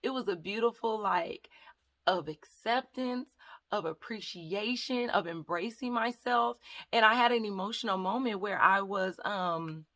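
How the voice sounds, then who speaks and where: Woman vlogger rambling on in a chatty storytime, mid-pitched voice, keeps saying y'all. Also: a little slow, a bit bright. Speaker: hair vlogger. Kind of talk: casual storytime vlog.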